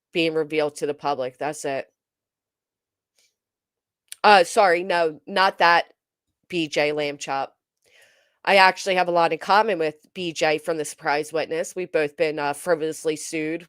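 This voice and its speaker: Her voice sits low and smooth, recorded in clean studio sound without echo. As host of a casual commentary livestream, she chattily reads viewer comments out loud and responds, hesitant and filling gaps with um and uh.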